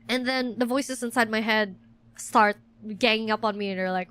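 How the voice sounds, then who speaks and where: A woman's voice: on the high side, normal speed, fairly bright tone, clean tone. A young adult woman chatting on a casual stream, rambling and self-deprecating with lots of fillers. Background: faint music.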